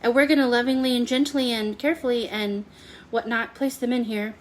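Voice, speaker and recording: A woman's voice: fairly high pitch, fairly even intonation, a little fast. A woman hosting a chatty live cooking stream from her home kitchen, rambling and talking to viewers by name. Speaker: home cooking livestream host.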